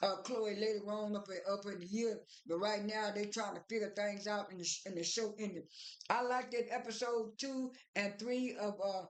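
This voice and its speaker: A woman's voice: mid-range voice, steady tone, moderate pace. A woman casually recapping TV episodes in a rambling way, full of fillers and restarts as she retells what was said. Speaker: reality TV recap vlogger. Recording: roomy echo.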